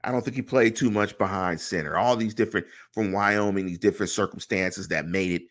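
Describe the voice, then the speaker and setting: A middle-aged man with a lowish voice talks fairly quickly as host of a solo sports podcast. He works through his opinions and throws rhetorical questions at his listeners.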